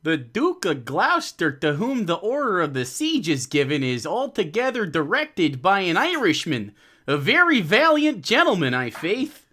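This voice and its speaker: Reader as a brisk captain bringing orders. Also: mid-range voice, big pitch swings, pushed and bright. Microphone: voice call.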